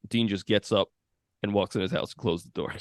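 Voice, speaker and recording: A man's voice: on the low side, fairly even intonation, a little fast, dry recording, studio quality. A man co-hosting a podcast, chatting casually about a film and retelling scenes, swearing freely. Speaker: podcast co-host.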